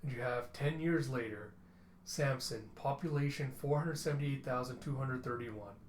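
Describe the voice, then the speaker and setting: A man narrating a comic book readthrough, animated and emotional as he describes each page. His voice is mid-pitched, and the room gives it a noticeable echo. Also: moderate pace, slight background noise. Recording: echoey room.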